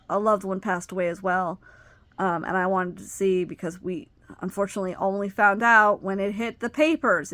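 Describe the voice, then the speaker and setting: A middle-aged woman telling personal family stories, rambling with many ums and you-knows, her voice climbing high and loud when she gets worked up. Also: no echo. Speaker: vlogger. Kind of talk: personal storytelling.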